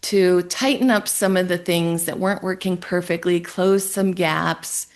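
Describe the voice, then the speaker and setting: A woman from Ohio shares her story as a podcast guest, her voice sitting a little low. She tells it in a lively, emotional way and acts out her own inner thoughts as she goes. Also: unhurried. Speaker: guest entrepreneur and business coach. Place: home in a Colorado town.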